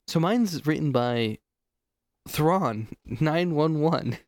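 A man co-hosting a casual podcast, teasing his partner with quick quips and swearing freely. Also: fairly high pitch, animated, a little mellow, no room sound, studio quality. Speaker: podcast co-host. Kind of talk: casual chat.

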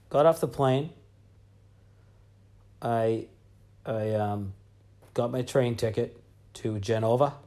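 A man's voice: medium pitch, a little mellow. A man hosting a podcast, telling a travel story in a casual, profane style that swings into heated ranting. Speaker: podcast host.

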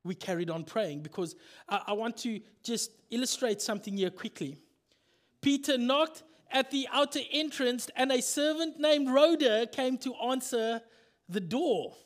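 Slow-speaking, high-voiced male pastor. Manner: animated storytelling, acts out scenes. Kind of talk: sermon.

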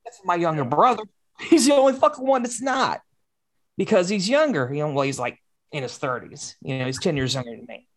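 A woman's voice: fairly low pitch, big pitch swings, brisk. Heated, profane woman in her forties. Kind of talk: casual chat.

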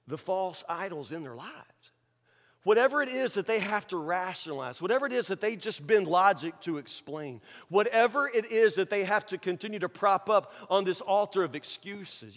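A man delivers a sermon in a high, carrying voice. He mimics people's excuses with mocking voices and moves between loud outbursts and quiet asides. The sound rings with a long hall reverb. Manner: dramatic, acts out excuses in mocking voices, swings from loud to hushed. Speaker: preacher.

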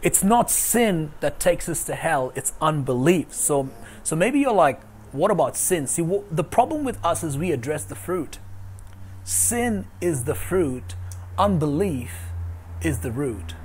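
A man's voice: on the high side, expressive, a little slow, a little hiss or hum. A man preaching an online sermon as pastor, emphatic and repeating his key phrases. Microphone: video call.

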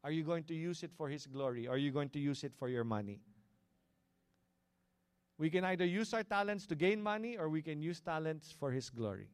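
A middle-aged man with a Filipino accent preaching a sermon, asking the congregation "Amen?" and moving between loud and hushed delivery. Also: a little high, lively intonation, brisk, clear, resonant tone, no room sound. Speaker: pastor. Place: cinema hall used as a church.

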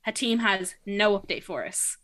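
A woman's voice: mid-range voice, normal speed. A young woman with an Irish accent chatting casually, telling a long story in a chatty way with lots of "like" and fillers. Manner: chatty, animated retelling full of fillers and "like".

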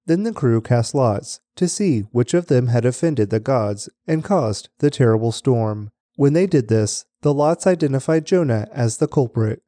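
Man, scripture reading, deep mellow timbre, dry studio sound, steady and even. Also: normal speed, hardly any pauses, dry recording. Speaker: scripture podcast reader.

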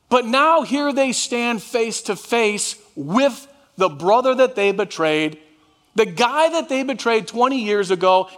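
A man's voice: high voice, fairly bright tone, big-room sound. A man preaching a sermon as pastor, drawing the congregation into call and response. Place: church sanctuary.

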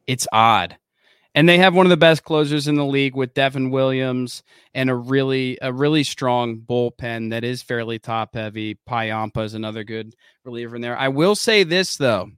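A man co-hosting a sports podcast, chatting casually in an excitable, rambling way. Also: medium pitch, normal speed, clear, resonant tone, dry recording, studio quality. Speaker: podcast co-host.

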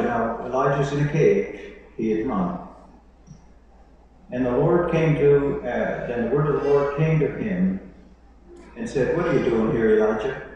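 A man's voice: fairly high pitch, darkish tone, muffled recording, a little hiss or hum. A man preaching a sermon as a pastor, reading scripture aloud and breaking into conversational asides. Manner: preaching with dramatic quoted voices, conversational asides. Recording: echoey hall, mic at a distance.

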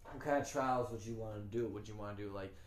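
Excitable, foul-mouthed young man. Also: on the low side, fast talker. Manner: excitable, swears a lot, slips into acted voices. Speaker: tabletop game player. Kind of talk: casual chat. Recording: echoey room, faint background noise.

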